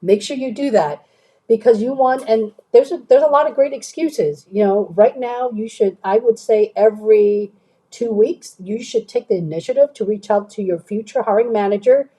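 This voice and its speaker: A woman's voice: a little high, normal speed, mellow, breathy edge, poor audio. A woman career coach chatting on a live stream, answering viewers' questions and often checking in with "okay?".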